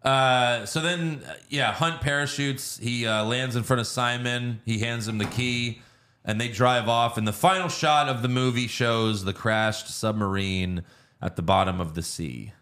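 A man's voice: medium pitch, unhurried, fairly bright tone. A man co-hosting a podcast, casually recapping a film's plot with plenty of uhs and swearing. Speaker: podcast co-host. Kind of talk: casual movie review chat.

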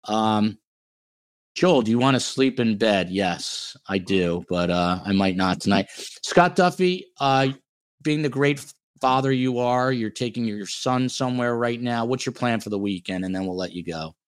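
A man's voice: medium pitch, normal speed, clean tone. A man hosting a podcast livestream in a casual, joking, playfully boastful way, with a New Jersey accent. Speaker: podcast host.

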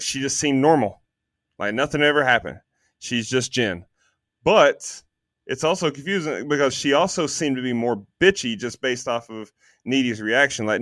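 A man co-hosting a podcast, chatting casually about a movie, animated, swearing freely and filling gaps with ums. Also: medium pitch, dry recording, studio quality. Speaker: podcast co-host. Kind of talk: casual movie review chat.

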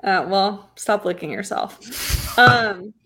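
A woman's voice: medium pitch, slow pace, pushed and bright. A woman co-hosting a casual podcast, with dry, teasing quips. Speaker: podcast co-host. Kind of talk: casual chat.

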